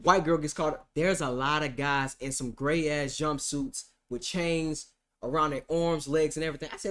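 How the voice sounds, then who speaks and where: At a measured pace and in a slightly high voice, a male streamer narrates a humorous story about going to court. He's lively and profane, moving between loud exclamations and hushed asides.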